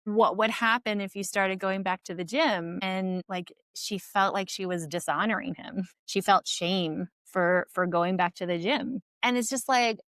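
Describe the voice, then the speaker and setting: A woman physician and podcast guest, chatting casually and telling patient stories in a lively way, often saying "like" and laughing. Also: mid-range voice, unhurried, hardly any pauses, no room sound. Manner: animated storyteller, heavy use of "like", laughs often. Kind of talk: casual interview chat.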